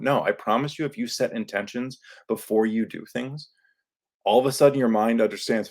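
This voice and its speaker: A man's voice: mid-range voice, fairly quick, a little mellow. A man hosting a podcast, talking earnestly in a casual, coaching way into a microphone, with many fillers. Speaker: podcast host. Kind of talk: solo podcast talk. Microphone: studio microphone.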